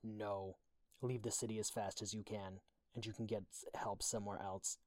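A man's voice: lowish voice, flat delivery, moderate pace, darkish tone, no room sound, close to an everyday voice. A man voicing a cold, threatening young woman who talks in curt, level threats, read as a storybook audiobook. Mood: menacing.

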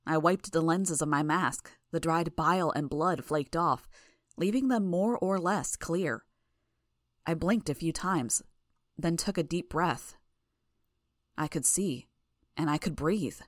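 A woman reading a first-person audiobook in a measured, even way. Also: low-pitched, dry recording, clean studio sound. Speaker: audiobook narrator.

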